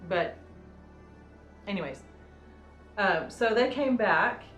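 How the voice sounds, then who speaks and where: A woman's voice: medium pitch, animated, slow pace, fairly bright tone. Rambling woman vlogger in echoey room. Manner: rambling, lots of "um" and "you know". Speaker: vlogger telling a story. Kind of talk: casual storytime chat. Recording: roomy room with faint music.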